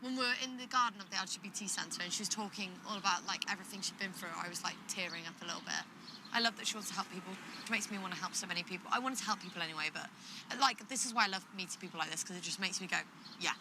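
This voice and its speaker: A vlog co-host who chats quickly in a playful, teasing manner. Her speech is fast and light. Clear outdoor noise surrounds her. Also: medium pitch. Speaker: vlogger co-host. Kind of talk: casual conversation.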